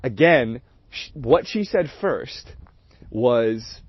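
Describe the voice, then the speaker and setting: A man with a slightly high, expressive voice hosts a livestream, telling a story at a moderate pace. His casual storytelling is candid, rambling, and profane, punctuated by laughter, over a dull, dry lo-fi recording.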